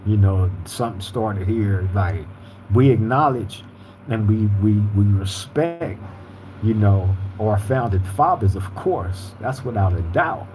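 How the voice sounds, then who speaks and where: Male live-stream host, easygoing street talk, warm low tone, light noise underneath. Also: lively intonation, unhurried, rough recording. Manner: laid-back, streetwise slang, frequent "you feel me". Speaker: podcast host reading viewer comments. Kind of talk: casual live-stream chat.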